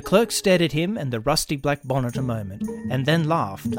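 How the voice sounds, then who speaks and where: A man narrating a children's storybook in an expressive, animated reading. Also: medium pitch, moderate pace, few pauses, music in the background.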